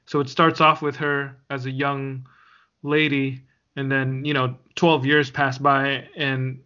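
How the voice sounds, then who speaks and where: A man's voice: mid-range voice, bright, forceful tone. Laid-back podcast guy talking comics, muffled lo-fi sound. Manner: chatty, laughs easily. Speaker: podcast co-host. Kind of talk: casual chat. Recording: dull lo-fi sound.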